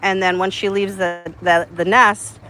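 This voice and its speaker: A woman keeping ducks, talking casually outdoors and coaxing her birds in a high voice. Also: steady tone, measured pace, sharp tone, slight background noise, rough recording. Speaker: duck keeper. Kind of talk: casual farm vlog talk. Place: outdoors by duck pens.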